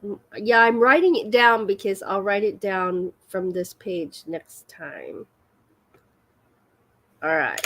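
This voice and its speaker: A woman's voice: mid-range voice, expressive, slow, fairly bright tone. A woman hosting a casual live chat with her viewers, giggly and self-deprecating. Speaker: livestream host.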